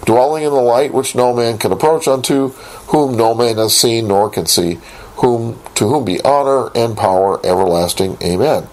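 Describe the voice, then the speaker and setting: A man teaching a Bible lesson, reading scripture aloud and posing rhetorical questions in a deliberate way. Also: medium pitch, darkish tone, poor audio. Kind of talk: recorded Bible study lesson.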